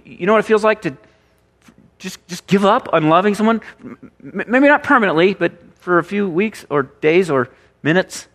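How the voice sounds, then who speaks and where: A man pastor preaching a sermon, animated and full of rhetorical questions and repeated phrases. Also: high-pitched, in a large hall.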